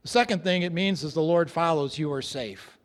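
A man preaching a sermon, earnest and emphatic, dropping to a hush for effect. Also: a little high, fairly quick. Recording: long reverb of a large hall.

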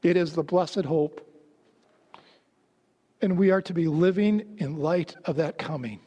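Man preaching, fairly high voice, long hall echo, storytelling, sinks low and slow for emphasis. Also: warm tone. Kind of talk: sermon.

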